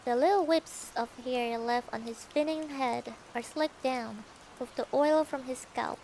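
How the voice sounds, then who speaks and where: Young woman streamer reading a novel out loud, high voice, slow and playful. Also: slight background noise, low-quality recording. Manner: playful, comments and giggles between passages. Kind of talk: casual storybook reading with asides.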